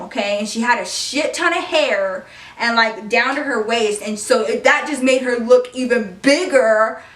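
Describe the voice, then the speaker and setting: Young woman, storytime vlog, animated, profane, high-ish sharp voice, echoey room, distant mic. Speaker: vlogger.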